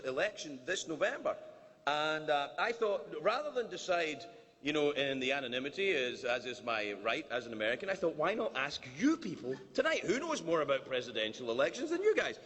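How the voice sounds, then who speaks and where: A man's voice: fairly high pitch, sharp tone, a little hiss or hum. A man from Scotland with a Scottish accent, performing a teasing, mock-indignant stand-up monologue as the comedian at a formal dinner. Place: large banquet hall. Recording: long reverb of a large banquet hall.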